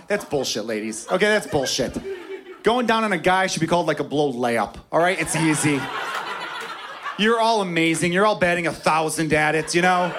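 A man doing a crude, animated stand-up set on a comedy club stage before a live audience. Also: sits high. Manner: crude, animated, conversational delivery to a crowd. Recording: live club recording with crowd laughter.

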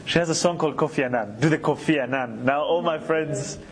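A man's voice: fairly high pitch, brisk. A man from Uganda who grew up in New York, talking in a chatty, storytelling way in conversation. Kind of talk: relaxed conversation.

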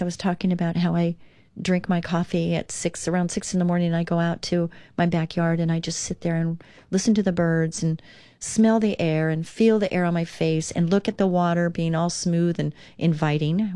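A woman's voice: on the low side, fairly even intonation, brisk, mellow, dry recording, clean studio sound. A woman hosting a devotional talk radio show, reading aloud and speaking in an earnest, encouraging, conversational way.

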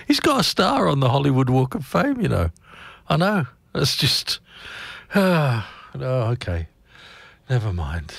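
A man's voice: mid-range voice, very animated, slow pace, gravelly, long pauses, fairly bright tone, breathy edge, no room sound. A man hosting a radio breakfast show, chatting casually and rambling in a self-deprecating way. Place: radio studio. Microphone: close studio mic.

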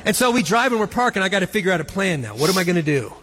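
A man's voice: high voice, very animated, very fast, fairly bright tone, big-room sound. A man in his forties telling a self-mocking story, then speaking earnestly as co-host of a Christian marriage session. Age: 40s. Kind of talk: storytelling and encouragement talk.

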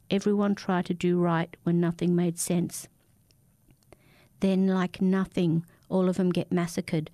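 A woman reading a dark fiction story aloud in a steady, measured narration. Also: on the low side, no room sound.

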